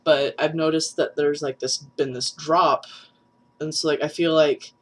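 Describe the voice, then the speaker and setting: A man's voice: fairly high pitch, little pitch movement, a little slow, fairly bright tone. Young trans guy vlogger, nasal voice, chatty and self-mocking, loose and rambling. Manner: chatty and rambling, many fillers, laughs at self. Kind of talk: casual vlog update.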